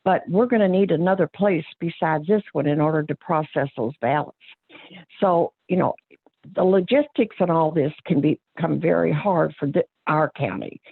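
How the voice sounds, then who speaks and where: A woman's voice: sits low, normal speed, creaky, slightly rough, no echo. Woman on a tinny phone line. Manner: plain-spoken and earnest, with frequent fillers and restarts. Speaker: county clerk. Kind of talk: remarks at a public board meeting.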